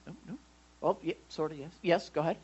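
A man preaching a sermon in church, animated, swinging between loud and hushed and asking the congregation questions. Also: fairly high pitch, fast, breathy edge, highs cut off. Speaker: pastor.

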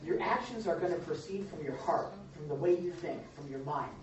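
A woman's voice: deep voice, expressive, fairly quick, very echoey, recorded from a distance, lo-fi sound, crowd noise. A woman pastor preaching a sermon in a conversational way, asking her congregation questions.

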